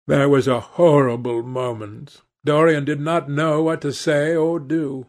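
Slow, measured male audiobook narrator. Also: a little high, fairly even intonation. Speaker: audiobook reader. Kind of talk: audiobook narration of a classic novel.

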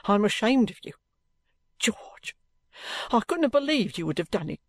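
A man's voice: fairly high pitch, no echo. A man reading an audiobook, voicing a middle-aged soldier's wife who scolds with emphasis and near tears. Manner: emphatic, reproachful, tearful. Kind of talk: audiobook character voice.

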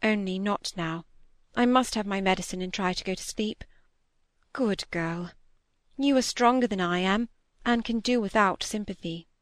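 Woman voicing ailing older lady, storybook, soft, unhurried, pleading, dry sound. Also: medium pitch, dry recording, close to an everyday voice. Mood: tender. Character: gentle ailing older lady, anxious and tender.

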